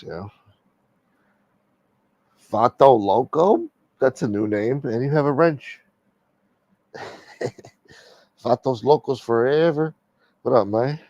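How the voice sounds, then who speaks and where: A man's voice: fairly low pitch, vocal fry, warm tone, no room sound. A man hosting a late-night livestream, chatting casually in a blunt, profane, streetwise manner. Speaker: livestream host.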